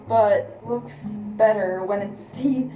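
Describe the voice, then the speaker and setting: A woman's voice: medium pitch, slow pace, warm tone, soft background music. A young woman in her twenties chatting casually in a vlog, rambling and easily moved, recorded in her apartment. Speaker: vlogger and swim diving coach. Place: apartment, indoors. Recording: roomy audio from a camera off at a distance.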